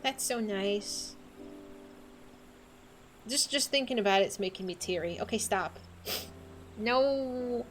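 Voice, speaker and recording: A woman streaming a game, chatting casually in an excitable, emotional way. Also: medium pitch, a little slow, long pauses, soft background music. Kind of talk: casual gameplay chat.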